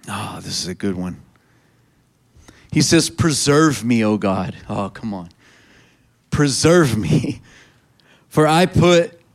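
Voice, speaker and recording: A man preaching a sermon, reading scripture aloud and urging the congregation to respond. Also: on the high side. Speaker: pastor.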